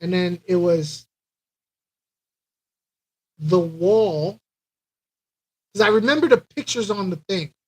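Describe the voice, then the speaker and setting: Brooklyn-raised male host, higher-pitched voice, loose rambling live-chat storyteller. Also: slow, long pauses, husky, no echo, poor audio. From Brooklyn, New York. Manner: animated, repeats himself, imitates record scratching. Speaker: aquarium channel host. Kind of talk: casual live-stream storytelling.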